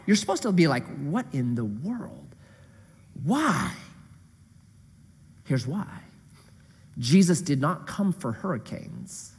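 Male pastor, high lively voice, slightly husky, preaching in a reverberant hall. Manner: animated, drops to a hushed voice for emphasis. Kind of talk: sermon. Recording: echoey hall.

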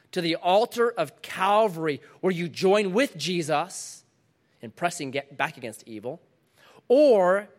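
A middle-aged man preaching a sermon to a congregation, dramatic, dropping to a hush and then rising loud again. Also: a little high. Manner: dramatic, swings from loud to hushed. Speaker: pastor.

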